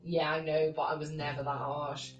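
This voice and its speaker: A woman's voice: deep voice, moderate pace, echoey room, recorded from a distance, highs cut off, faint music behind. A young woman, a teacher, telling stories in casual chat, swearing and laughing often and acting out the people she quotes. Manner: animated storytelling, acting out quoted people with a raised voice.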